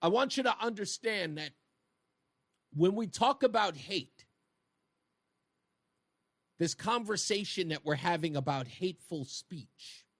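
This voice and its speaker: A male talk radio host speaks into a studio microphone in a high voice that swings widely in pitch. He drives his points home emphatically and keeps firing rhetorical questions at his audience. The sound is close and dry. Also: lively intonation, unhurried, long pauses, dry recording. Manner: emphatic, rhetorical, addresses listeners directly.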